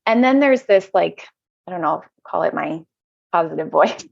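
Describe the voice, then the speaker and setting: A woman from the United States, a podcast guest, talking reflectively and haltingly, often restarting her thoughts. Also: on the low side, expressive, vocal fry, husky, dry recording. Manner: hesitant, self-searching, frequent restarts. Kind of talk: reflective conversational interview. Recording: slightly dull lo-fi audio.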